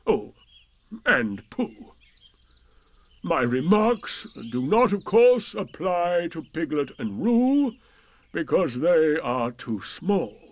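A man voicing a gloomy, self-pitying old male donkey in a storybook reading, with a slow, mournful, sarcastic drawl. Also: a little high, very animated, pitched above the performer's own voice. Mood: pompous.

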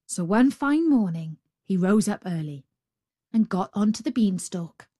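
A woman reading a fairy tale aloud at an unhurried, rhythmic pace. She builds her repeated phrases step by step, and her voice sits mid-pitched and close, with a dry sound and no room around it. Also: lively intonation, mellow, breathy edge, no echo. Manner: slow, rhythmic, building repetitions. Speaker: storyteller.

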